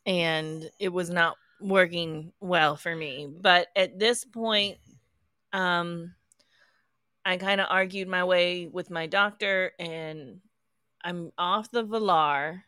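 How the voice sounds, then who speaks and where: A woman's voice: fairly low pitch, steady tone, takes it slowly, pushed and bright, clear, resonant tone, dry recording, studio quality. A woman co-hosting a podcast, chatting casually and speaking openly about her own experience. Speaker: podcast co-host.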